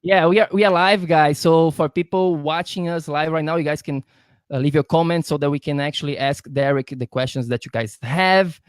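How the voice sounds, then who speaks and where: A friendly, eager man from Brazil hosts a live interview over a video call, speaking English as a native Portuguese speaker. His voice sits a bit high for a man and he often calls his guest "man". The recording is dry and close. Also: brisk, clean tone, dry recording. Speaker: podcast host. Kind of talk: casual livestream interview.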